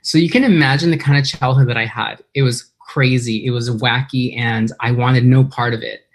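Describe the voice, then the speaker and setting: A woman's voice: extremely low pitch, fairly even intonation, normal speed. A woman from San Diego giving an earnest, emotional personal recovery talk at a meeting, a little nervous, speaking into her computer on a video call. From San Diego, California. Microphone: computer for an online video meeting.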